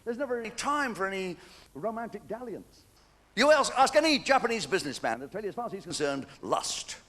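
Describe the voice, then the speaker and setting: A man's voice: high voice, sing-song, fast talker, a bit bright, big-room sound. An older English man doing a stand-up comedy routine, chatty and cheeky, chuckling between jokes. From England. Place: theatre stage with a live audience. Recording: noisy 1990s VHS stage recording.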